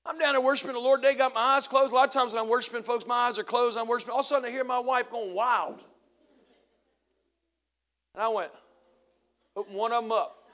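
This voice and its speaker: A middle-aged pastor preaching a sermon, swinging from loud preaching to low, confessional storytelling. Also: male voice, steady tone, fast, pauses often. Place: church sanctuary.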